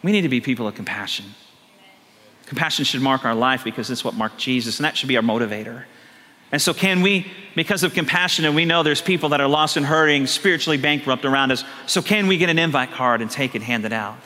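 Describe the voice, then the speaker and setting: A middle-aged man preaching a sermon as pastor, telling lively stories with animated acted quotes. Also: mid-range voice, quick pace. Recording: long hall reverb.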